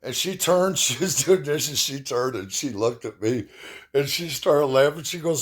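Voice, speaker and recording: A man's voice: on the high side, animated, normal speed, breathy edge. A middle-aged man casually telling rambling, profane, self-mocking stories and jokes to his viewers. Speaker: vlogger. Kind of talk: casual storytelling.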